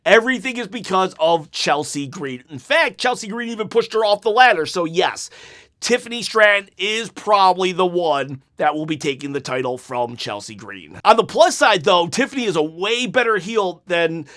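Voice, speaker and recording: High-voiced chatty man doing wrestling talk. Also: lively intonation, moderate pace, fairly bright tone. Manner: chatty, opinionated, restarts and laughs. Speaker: wrestling talk show host. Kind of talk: casual commentary reading viewer comments.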